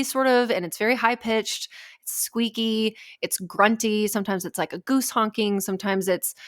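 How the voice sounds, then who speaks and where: A woman's voice: medium pitch, a bit bright, dry recording, studio quality. A woman, co-hosting a podcast as a doctor, chatting casually and explaining medical terms plainly. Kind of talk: casual chat.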